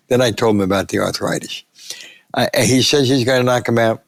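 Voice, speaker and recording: Older male storyteller, gravelly, lively anecdotes with acted-out quotes. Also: mid-range voice, fast talker, no echo. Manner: animated anecdotes, acting out quotes. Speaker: sportswriter guest. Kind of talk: storytelling interview.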